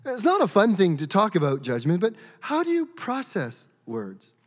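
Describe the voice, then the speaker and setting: Speaking at normal speed with a high-pitched voice and huge swings in pitch, this pastor delivers a questioning, earnest sermon, frequently tripping over and repeating words while thinking aloud. The recording carries the long reverb of a big hall.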